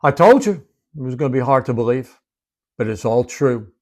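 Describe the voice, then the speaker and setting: A male preacher tells Bible stories with great drama. His pitch moves widely and his voice sits at an average height. He drops to near-whispers to drive a point home. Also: animated, moderate pace. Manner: dramatic storytelling, dropping to hushed whispers for emphasis. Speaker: Bible teacher. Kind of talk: expressive Bible-study sermon.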